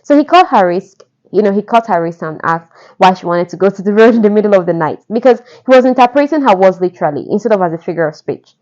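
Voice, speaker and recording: A woman's voice: medium pitch, expressive, quick pace, a little mellow. A woman casually retelling a romance novel, gushing and talking straight to the listener. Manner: gushing, conversational, asides to the listener. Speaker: podcast narrator retelling a novel. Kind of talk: casual chatty storytelling. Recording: dull lo-fi recording.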